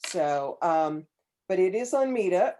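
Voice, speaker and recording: A woman's voice: fairly low pitch, expressive, unhurried, mellow, slight background noise. A woman making casual announcements to a writing group on a video call, chatty and hesitant with frequent ums. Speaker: meeting organizer.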